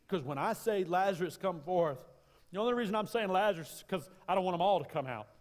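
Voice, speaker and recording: A man's voice: sits high, lively intonation, brisk, voice pushed up. A man voicing a confident, playful Jesus speaking to a friend, in a loose, teasing way. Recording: live church sermon with long reverb.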